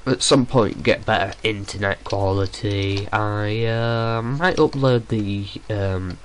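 A man's voice: fairly low pitch, slow, clean tone. A young man giving casual, rambling gameplay commentary at home, hesitating often with fillers. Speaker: let's play gamer. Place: room at home.

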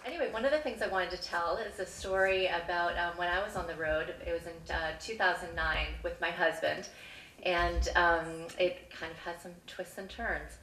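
A woman on the school committee telling a travel story at a live story slam, measured and earnest, pausing often with "um". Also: fairly low pitch, a bit bright, some chatter behind, slight background noise. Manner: measured, earnest, frequent "um" pauses. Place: stage in a hall. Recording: echoey hall, mic from far off.

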